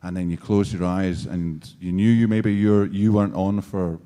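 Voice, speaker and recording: A man on a convention panel chatting in a relaxed, rambling way. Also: deep voice, moderate pace. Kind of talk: casual chat. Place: large convention hall. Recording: echoey convention hall.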